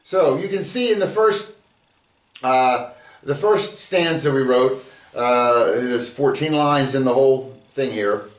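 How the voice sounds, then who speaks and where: A man's voice: medium pitch, slow, roomy sound. A man giving a casual Bible lesson video, chatty and full of fillers, reading his verse aloud. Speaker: bible teacher.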